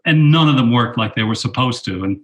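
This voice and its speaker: Man, older, interview guest, animated storyteller, mid-range pitch. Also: a little fast, highs cut off. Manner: animated anecdotes, quotes himself in a raised voice. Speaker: guest, film director and teacher.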